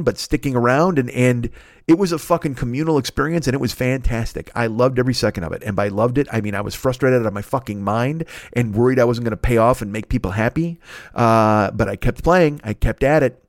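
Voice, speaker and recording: A man in his forties hosting a podcast, rambling casually through plugs and shout-outs, profane and self-mocking. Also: mid-range voice, a little fast, no echo, studio quality. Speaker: podcast host.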